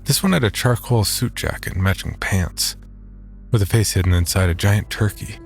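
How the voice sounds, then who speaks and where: A man narrating a horror audio drama in first person, wry and deadpan. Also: on the low side, moderate pace, creaky, faint music behind.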